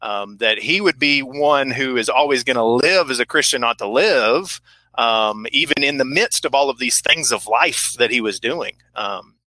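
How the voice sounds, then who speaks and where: A man's voice: medium pitch, moderate pace, pushed and bright, no echo, poor audio. A man sharing reflective stories about faith in a casual discussion. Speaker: camp worker.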